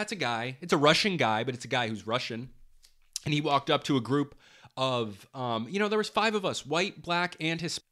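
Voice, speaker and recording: A man's voice: a little high, pushed and bright. A young man hosting a podcast, delivering a heated political monologue, swearing often and repeating himself for emphasis. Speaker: podcast host.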